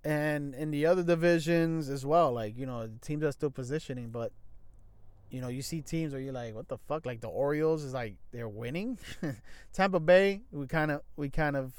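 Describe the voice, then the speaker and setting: On a laid-back sports talk show, a young man speaks at normal speed in a fairly high, clean voice without echo. His talk is crude and blunt, full of slang, fillers, restarts, and sloppy grammar as he rambles on.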